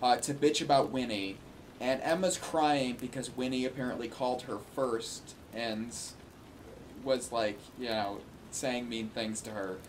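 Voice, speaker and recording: Dude casually roasting a phone call recording, sarcastic, kinda exasperated, faint hiss. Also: male voice, medium pitch, a little slow. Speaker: commentary streamer. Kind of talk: casual commentary on a played recording.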